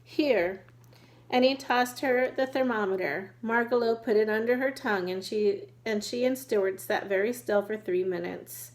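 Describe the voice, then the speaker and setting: A woman's voice: fairly high pitch, normal speed, hardly any pauses, poor audio. Woman reading a children's book aloud. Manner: steady reading with occasional restarts over words. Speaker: reader.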